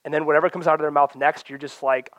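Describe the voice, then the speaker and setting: A man's voice: on the high side, level tone, fast talker, a bit bright, no room sound. A man preaching a sermon in an earnest, conversational way, often acting out quoted voices and prayers.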